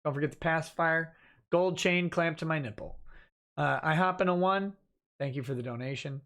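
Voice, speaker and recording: A man's voice: on the high side, moderate pace, a bit bright. A man hosting a livestream, reading viewer comments aloud and answering them casually with restarts and chuckles. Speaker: livestream host reading chat.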